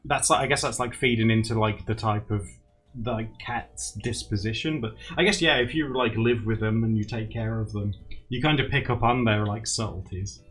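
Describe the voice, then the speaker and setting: A man's voice: fairly low pitch, moderate pace, a bit bright. A young man livestreaming to viewers in casual, rambling chat. He laughs often and acts out quotes. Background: faint music.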